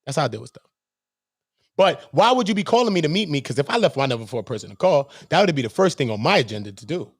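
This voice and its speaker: A New York man venting on his livestream, his pitch sitting a little high and swinging wildly as he works himself up. He repeats lines and slips into other people's voices, loose and profane. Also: fast, dry recording, studio quality. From Brooklyn, New York. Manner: animated, repetitive, profane, acts out quoted voices. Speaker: channel host. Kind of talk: heated livestream rant.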